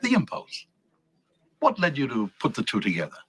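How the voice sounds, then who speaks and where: A commanding male executive, bright and husky, firm and cutting. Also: mid-range voice, huge pitch swings, moderate pace, full character voice. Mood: probing. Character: stern male company boss confronting a liar. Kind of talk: film dialogue.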